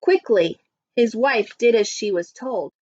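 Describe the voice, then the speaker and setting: A woman teacher reading a story aloud to children, expressive and adding little asides. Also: a little high, a little slow, muffled recording. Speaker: primary school teacher.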